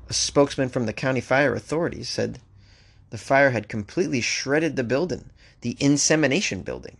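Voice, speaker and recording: A man's voice: mid-range voice, gravelly, breathy edge. Wry joking male news-show host. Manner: wry, joking asides between read news stories. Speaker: podcast host. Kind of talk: comedic news commentary.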